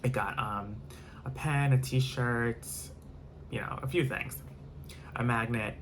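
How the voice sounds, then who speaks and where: A man's voice: mid-range voice, slow pace, a bit bright, slight background noise. A man telling a storytime vlog in a rambling way, full of fillers and repetition, with casual swearing. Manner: rambling, filler-heavy, repeats himself, swears. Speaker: vlogger.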